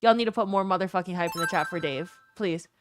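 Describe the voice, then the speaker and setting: A young woman hosting a live stream, chatting excitably with her viewers, swearing freely, and thanking them for gifts. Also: lowish voice, fast talker, music in the background. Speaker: livestream host. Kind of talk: casual stream chat.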